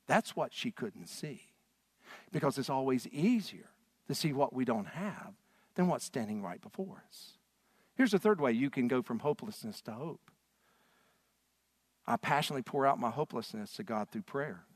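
A man's voice: mid-range voice, lively intonation, normal speed, long pauses, husky, dry recording, clean studio sound. A man preaching a sermon from a church stage, earnest and emphatic. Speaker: pastor.

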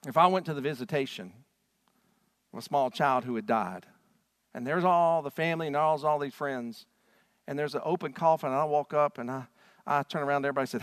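A man preaching a sermon as a pastor, swinging from loud, fervent passages to hushed ones. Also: a little high, brisk, clean tone, no room sound.

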